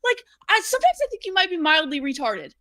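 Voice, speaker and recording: A woman arguing heatedly, sharp and cutting, with curses thrown in. Her voice is high and bright and tense. The sound is dry and close. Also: big pitch swings, fast, no echo. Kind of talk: heated argument.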